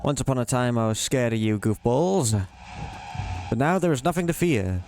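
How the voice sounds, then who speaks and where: Male gamer, mid-range voice, goofy and teasing with the monsters; quiet game music behind. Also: mid-range voice, lively intonation, normal speed. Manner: playful, teasing the monsters in a silly sing-song way. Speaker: let's play gamer. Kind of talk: casual gameplay commentary.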